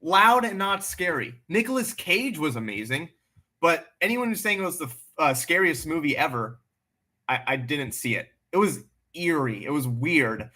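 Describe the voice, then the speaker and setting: Bright-voiced man chatting on a livestream. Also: a little high, moderate pace. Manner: blunt and animated, swears freely. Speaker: livestream host answering chat questions. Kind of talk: casual livestream chat.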